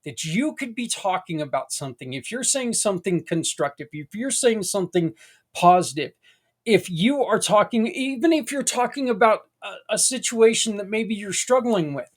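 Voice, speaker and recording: Folksy man hosting a podcast. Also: sits high. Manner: conversational, folksy, rambling with asides. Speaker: podcast host. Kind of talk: casual monologue.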